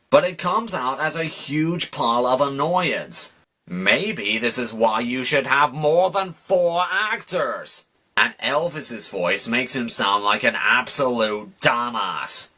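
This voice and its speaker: A man's voice: mid-range voice, animated, slow, bright, forceful tone. A man giving an exasperated, sarcastic voice-over rant reviewing a cartoon. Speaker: YouTube reviewer. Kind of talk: ranting voice-over commentary.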